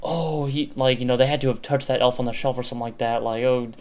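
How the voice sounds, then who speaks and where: This is a young man in his co-hosting seat, spinning childhood stories in loose, filler-heavy chat. His voice sits in an ordinary middle pitch, and he keeps breaking into laughter as he talks. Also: level tone, fast, darkish tone, smooth. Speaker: podcast co-host. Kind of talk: casual chat.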